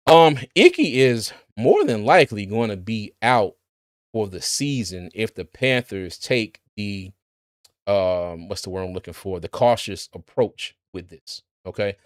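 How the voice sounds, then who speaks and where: A man's voice: fairly low pitch, animated, unhurried, no room sound, clean studio sound. A man who hosts a sports channel, giving casual livestream commentary, chatty, laughing often and repeating words.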